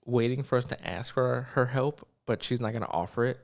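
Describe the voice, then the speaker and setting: Young man, gravelly voice, podcast co-host, casual storytelling, acts out the people he quotes. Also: mid-range voice, fairly quick.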